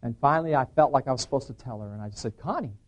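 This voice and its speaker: A man's voice: mid-range voice, rapid-fire. A middle-aged man telling a personal testimony to an audience as an earnest storyteller who acts out the dialogue he quotes. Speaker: preacher giving a personal testimony.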